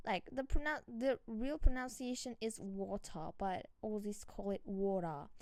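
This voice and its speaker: A woman's voice: a little high, mellow, no echo. A woman from Türkiye with a Turkish accent, a podcast host chatting casually on her own, giggly and chatty, often restarting words. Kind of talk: casual solo chat.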